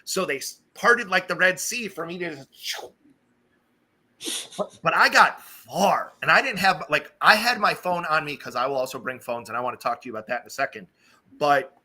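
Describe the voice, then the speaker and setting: A man hosting a casual live stream, telling stories with lively acted-out quotes. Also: on the high side. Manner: animated storytelling, acts out quoted voices. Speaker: streamer host.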